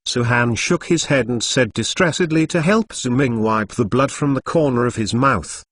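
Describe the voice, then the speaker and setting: A man's voice: medium pitch, normal speed, hardly any pauses, a bit bright, slight background noise. A man's voice narrating a novel in a machine-like read that speaks punctuation aloud.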